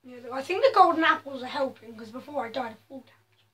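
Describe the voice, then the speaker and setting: A gaming video host talks casually over her own gameplay in a high, lively voice, speaking fast with a sharp tone. She pokes fun at her own skill and keeps bursting into sudden exclamations.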